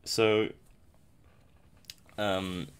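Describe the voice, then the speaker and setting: A man's voice: sits low, flat delivery, drawn-out words, smooth. A young man giving casual, rambling commentary over a survival game, self-mocking and chuckling often. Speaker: gameplay commentator.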